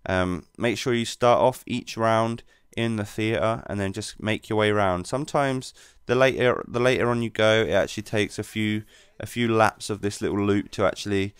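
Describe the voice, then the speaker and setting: A man giving relaxed, rambling commentary over his gameplay as the channel's host. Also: lowish voice, moderate pace, clear, resonant tone, no room sound, clean studio sound.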